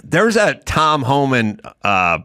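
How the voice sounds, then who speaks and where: Male talk host, bright edgy voice, lively swooping delivery, cusses freely. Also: medium pitch, slow, no echo, studio quality. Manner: profane, ranting, animated storytelling. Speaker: podcast host. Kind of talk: casual talk-show banter.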